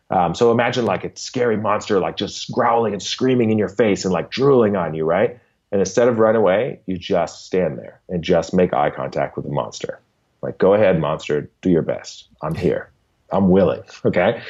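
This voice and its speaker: A man's voice: sits low, darkish tone, muffled recording. A man, a behavior analyst, patiently explaining concepts as a podcast guest and often checking in with "right?". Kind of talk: conversational explanation in an interview.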